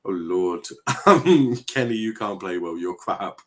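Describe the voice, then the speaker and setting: A man hosts a casual football stream, laughing often as he reads viewer comments aloud. His voice sits fairly low, and he chats in an easygoing way. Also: lively intonation, unhurried. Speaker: stream host.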